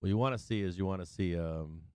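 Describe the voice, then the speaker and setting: A middle-aged man with a low, smooth and resonant voice gives loose live commentary on trading charts. He laughs a lot and swears freely. The sound is dry and close to the mic. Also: fast talker, dark tone, no room sound. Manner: laughing, sing-song chanting, swears freely. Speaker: stock market livestream host.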